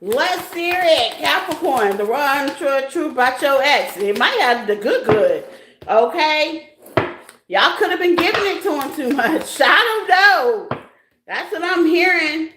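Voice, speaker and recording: A woman's voice: sits high, sing-song, unhurried, echoey room, background noise. A woman giving a casual tarot reading to her viewers, frank and profane, laughing often and tagging lines with "okay?". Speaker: tarot reader.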